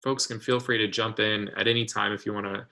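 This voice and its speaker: A man leads an online community discussion with a low voice that still sounds crisp and forceful. He speaks thoughtfully, pausing on fillers and restarting phrases. He is heard through a video call. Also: little pitch movement, poor audio. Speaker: webinar host.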